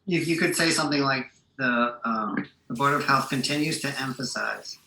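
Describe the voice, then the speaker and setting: Man w gravelly voice, slow careful suggestions, echoey room, faint background hum. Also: mid-range voice. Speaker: board of health member. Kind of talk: meeting discussion. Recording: roomy meeting room with faint ambience.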